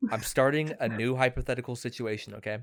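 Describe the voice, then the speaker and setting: A young man co-hosting a podcast, spinning a long profane hypothetical between fits of laughter and sudden shouts. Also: mid-range voice, quick pace, noisy background. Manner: rambling, profane, laughing storyteller who shouts when interrupted. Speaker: podcast co-host. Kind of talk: casual chat.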